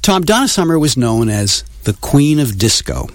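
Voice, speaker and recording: A man co-hosting a music show, setting up segments in a lively way and laughing easily. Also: mid-range voice, normal speed, no echo. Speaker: co-host. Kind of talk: casual podcast chat and segment narration.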